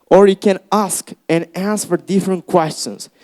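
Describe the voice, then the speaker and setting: A young man with an Uzbek accent teaching a speaking workshop to a class, lively and encouraging, often calling them guys. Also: high voice, normal speed. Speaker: English teacher. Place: classroom with students.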